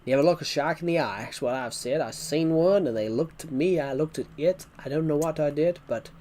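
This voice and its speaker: A man's voice: on the high side, brisk, darkish tone, a little hiss or hum, lightly acted. A man doing a goofy put-on Australian accent, voicing a jokey Australian bloke who repeats stock phrases.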